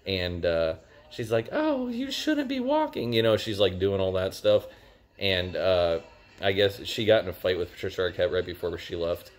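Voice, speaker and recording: A man's voice: low-pitched, steady tone, normal speed. A young man giving a casual spoken review of a TV series, rambling and filling gaps with "like" and "uh". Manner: rambling, lots of "like" and "uh". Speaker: TV show reviewer.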